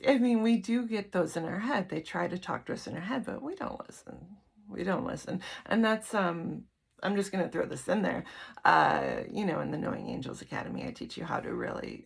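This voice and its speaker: A woman's voice: lowish voice, vocal fry, husky. A woman giving a casual, reassuring talk on a channel she hosts, acting out little inner voices as she goes. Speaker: spiritual teacher.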